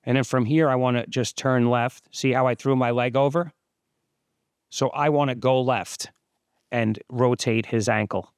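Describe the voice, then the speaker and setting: A man in his fifties, host of his own channel, giving relaxed, explanatory voice-over commentary on sparring footage. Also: mid-range voice, unhurried, clear, resonant tone, dry recording, clean studio sound. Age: 50s.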